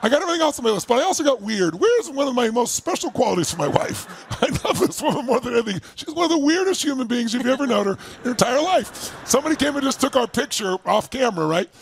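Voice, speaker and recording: A man speaking at a relationship seminar, telling lively stories and acting out his wife's lines in a high voice. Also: quick pace, creaky, few pauses, a little hiss or hum. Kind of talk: lively talk to a seminar audience.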